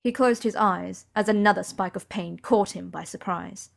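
A woman narrating an audiobook in a quiet, even, intimate manner. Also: mid-range voice, normal speed, gravelly.

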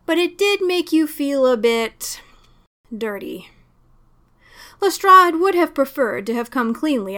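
A woman narrating a story aloud in a steady, expressive storytelling manner. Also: on the high side. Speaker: reader. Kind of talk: audiobook fan fiction reading.

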